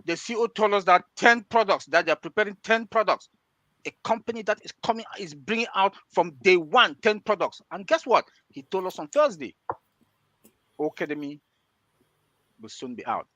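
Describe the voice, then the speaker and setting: Excited man, high bright voice, dry sound. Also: moderate pace, dry recording, muffled recording. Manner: excited, repetitive, challenging listeners. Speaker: presenter. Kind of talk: hyped sales talk.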